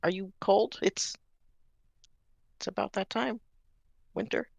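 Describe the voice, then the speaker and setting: A kind ten-year-old halfling boy talks in a gentle, stammering way, as a tabletop player plays him. His voice has a gravelly, creaky edge at mid pitch. The recording is dry. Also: fairly even intonation, slow, no room sound, exaggerated voice.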